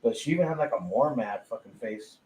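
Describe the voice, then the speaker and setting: A man's voice: mid-range voice, expressive, fast talker, dark tone, slight background noise. A man telling a personal story in casual chat, swearing freely and laughing often. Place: tattoo studio during a live podcast. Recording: roomy echo, faint ambience.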